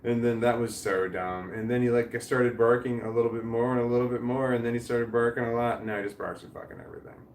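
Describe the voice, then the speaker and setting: A middle-aged man rambles through his live chat comments, cursing casually and restarting his sentences. His voice sits at a mid pitch. The room gives it a noticeable echo, with faint noise underneath. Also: steady tone, fast talker, hardly any pauses.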